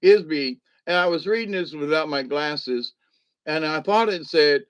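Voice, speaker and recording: A man hosting a casual late-night livestream, rambling and chuckling while a little high. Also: moderate pace, clean tone, lo-fi sound. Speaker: livestream host.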